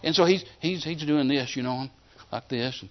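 A man preaching a sermon, telling a healing story in an animated way and acting out the scenes. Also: fairly high pitch, moderate pace. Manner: animated storyteller who acts out scenes and shouts commands. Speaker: evangelist preacher. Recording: dull lo-fi sermon recording.

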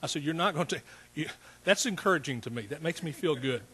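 A middle-aged man preaching a sermon in a church, telling stories in a folksy, animated way and acting out what people said. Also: fairly high pitch, fast. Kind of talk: sermon with storytelling.

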